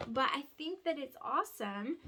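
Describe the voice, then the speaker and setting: A tired Alabama woman, a vlogger and homeschooling mother short on sleep, rambles and restarts while folding laundry in her home. She speaks at a moderate pace in a high, expressive voice that's bright and forceful, with a little background noise.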